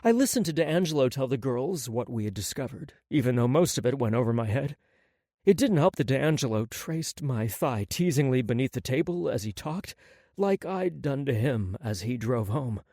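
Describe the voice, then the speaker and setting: A man narrates a first-person novel in an expressive, intimate way. His pitch moves in a lively way. The recording is close and dry. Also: moderate pace, no room sound. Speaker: audiobook narrator.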